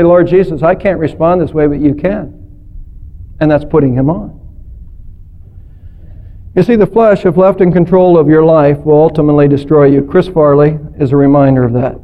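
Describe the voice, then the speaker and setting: A male pastor preaching with emphasis, piling up rhetorical questions. His voice sits high for a man, and the recording sounds dull and lo-fi. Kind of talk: sermon.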